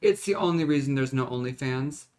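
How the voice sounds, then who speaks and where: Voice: mid-range voice, fairly quick, darkish tone. A vlogger talking to camera in a rambling, dramatic, self-mocking way, in a casual rant.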